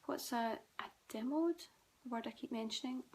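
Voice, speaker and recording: A woman's voice: on the high side, moderate pace, a little mellow. Scottish woman answering viewer comments. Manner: chatty, reassuring, answers comments as she reads them. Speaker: host. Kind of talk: live-stream Q&A with viewers.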